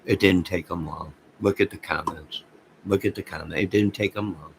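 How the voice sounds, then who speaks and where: A man's voice: sits low, fairly even intonation, normal speed, vocal fry, a little hiss or hum, low-quality recording. A man hosting a casual livestream, rambling and talking straight to his viewers. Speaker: livestream host.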